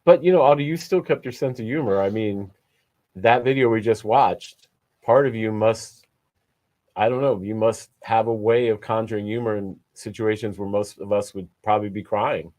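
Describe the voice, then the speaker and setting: Male co-host, lower pitch, conversational, draws guests out. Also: moderate pace, darkish tone. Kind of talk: casual interview chat.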